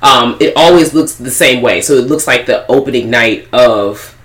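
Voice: mid-range voice, moderate pace, a bit bright, echoey room. A co-host in casual chat, recapping a horror movie in a blunt, profane, mocking manner. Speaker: podcast co-host.

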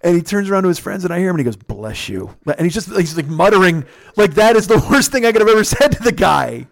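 A man telling a casual, profane story on a podcast, jumping up in pitch to mimic the people in it. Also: racing, gravelly, no echo, studio quality. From United States. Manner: animated, profane, mimics others with pitch jumps. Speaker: podcast host.

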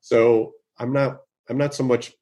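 Male podcast host, husky, hesitant, stammers and restarts. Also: mid-range voice, level tone, unhurried, dark tone. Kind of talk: casual heartfelt conversation.

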